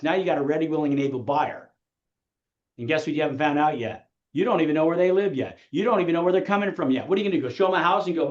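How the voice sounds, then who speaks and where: A man coaching real estate agents in a motivational training talk, firing rhetorical questions at the audience and acting out clients. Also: a little high. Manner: rapid-fire rhetorical questions, acts out clients. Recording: echoey, dull room sound.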